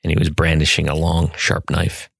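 A man hosting a podcast, telling a story and giving mindfulness advice in a gentle, reflective way. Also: rumbling low, completely flat delivery, normal speed, creaky, breathy edge, no echo, clean studio sound. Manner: gentle and reflective, with soft hesitations. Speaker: podcast host.

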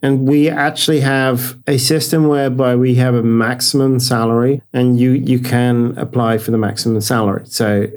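A man from the UK talks casually as an interview guest. He tells stories with energy, and his voice climbs when he gets excited. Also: mid-range voice, moderate pace, few pauses. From United Kingdom. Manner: animated storyteller, voice jumps up when excited. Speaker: guest, software developer.

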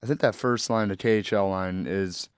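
Low-voiced young podcast co-host. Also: male voice, moderate pace, clean tone, dry recording, studio quality. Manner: relaxed, hedging analysis. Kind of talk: casual sports podcast chat.

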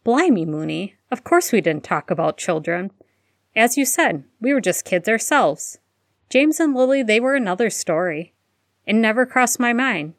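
A woman reading aloud, voicing a grown man who speaks gruffly and imploringly. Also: a little high, big pitch swings, normal speed, no room sound, studio quality, pitched above the performer's own voice. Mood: urgent. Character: impatient, gruff grown man, loyal friend.

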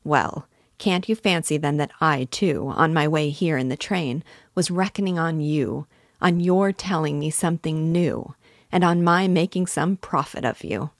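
A woman's voice: low-pitched, no room sound, studio quality. A woman reading as a sly, urbane schemer. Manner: smooth, teasing, unhurried. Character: sly, urbane middle-aged man, a suave schemer.

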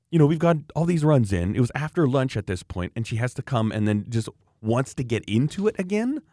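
Animated storytelling man, lively pitch. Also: fairly quick, dry recording, studio quality. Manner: animated anecdote telling, acts out other voices. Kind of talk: casual chat.

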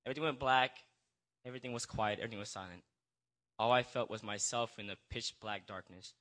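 Nervous young man with a bright voice. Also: lowish voice, quick pace. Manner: nervous and hesitant, full of restarts and apologies. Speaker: church member giving a testimony. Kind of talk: personal testimony. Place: church gathering. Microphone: handheld microphone.

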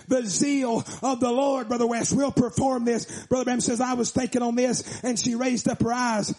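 A man preaching a revival sermon, shouting in a sing-song preaching cadence. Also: extremely high pitch.

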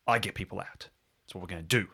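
A man's voice: sits low, fast talker, creaky, bright, forceful tone, slightly rough, full character voice. A man voicing an anxious male rescuer who mutters a determined pep talk to himself.

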